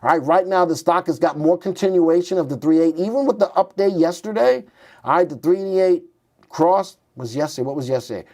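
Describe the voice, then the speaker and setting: A man's voice: on the high side, a little mellow. A man hosting a stock market show, chatty and thinking aloud as he types in tickers and reads charts live.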